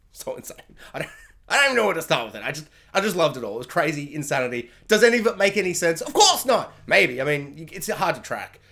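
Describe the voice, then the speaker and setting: A man casually reviewing a TV season, excitable and quick to slip into silly voices when he quotes characters. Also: a little high, creaky.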